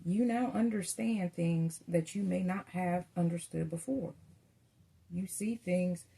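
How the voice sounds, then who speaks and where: A woman's voice: fairly low pitch, unhurried, creaky, warm tone, slightly rough. A woman doing a casual tarot reading, telling stories in a chatty way and calling her viewers y'all. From Southern United States. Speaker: tarot reader.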